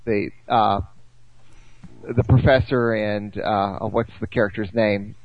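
A man's voice: fairly low pitch, fairly even intonation, slow. A man chatting as a podcast guest, thoughtful and trailing off with fillers. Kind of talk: casual chat. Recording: dull dry lo-fi mic.

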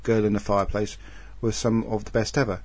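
Male podcast co-host, low husky voice, dry deadpan letter reading. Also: brisk, no room sound. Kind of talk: casual podcast chat.

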